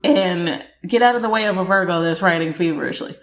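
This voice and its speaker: In an echoey room, a woman on the low side talks a little fast as she hosts a podcast, offering a relaxed tarot reading addressed to the listener and laughing a lot.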